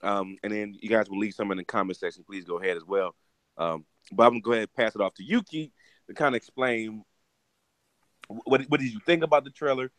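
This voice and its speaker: A man co-hosting a casual gaming podcast, with a lowish voice and a halting delivery full of restarts and ums. His voice sits close to the mic in a dry, dead-sounding space. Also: a bit bright, no room sound. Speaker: podcast co-host.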